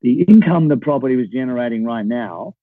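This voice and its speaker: Man, 60s, podcast guest, animated storyteller, dry tinny phone-line sound. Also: mid-range voice, fairly quick, no echo. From Australia. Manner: animated, checks in with "right?". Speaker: podcast guest, property investor. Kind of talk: storytelling in a conversation.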